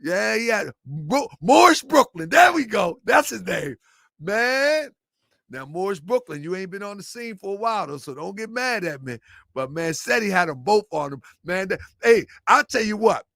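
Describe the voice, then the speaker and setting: This middle-aged host's high, gravelly voice moves at a moderate pace as he delivers casual commentary that loops back on itself, animated and punctuated by bursts of laughter. The recording is dry and studio quality.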